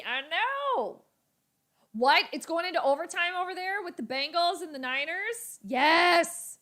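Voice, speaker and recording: A young woman with a slightly high voice hosts a casual live reaction stream. She chats easily with her viewers and reads their comments aloud. Every so often she breaks into excited outbursts over the game. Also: measured pace.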